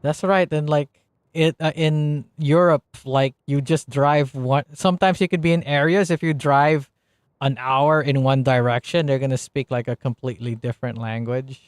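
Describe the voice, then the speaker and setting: A man's voice: mid-range voice, steady tone, normal speed, clean tone, no echo, clean studio sound. Rambling man streaming a game. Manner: rambling, lots of fillers and restarts; reads on-screen text aloud. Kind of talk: casual live-stream commentary.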